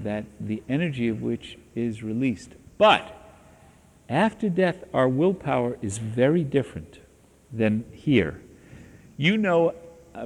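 A man gives a spiritual teaching talk, telling stories at an unhurried pace. His voice sits at a medium pitch, and a long reverb from the hall trails after his words. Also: a little mellow. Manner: slow, deliberate storytelling.

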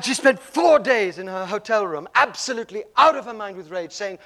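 A man giving a spiritual talk, telling a story dramatically and swinging between loud passages and hushed ones. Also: high-pitched, expressive, a little fast, hardly any pauses. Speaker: speaker.

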